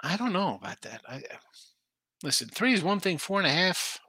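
Here the sports betting host's voice is high-pitched, bright and forceful, slightly rough, with big swings in pitch at a normal speed and no echo. During his late-night live stream he casually reads viewer picks, talks through the lines out loud and replies to the chat.

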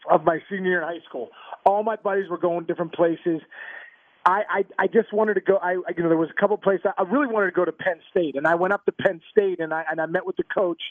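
Male guest, high voice, phone-line quality, eager stammering storyteller. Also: dry recording. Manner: animated, restarts and stammers, laughs through stories. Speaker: guest, former pro ballplayer. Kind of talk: casual storytelling interview. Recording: tinny phone-line sound, dry.

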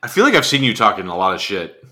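A man's voice: on the low side, wildly swooping pitch, fast talker, sharp tone. A man co-hosting a casual fan podcast, laid-back and rambling, laughing as he talks. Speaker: podcast co-host.

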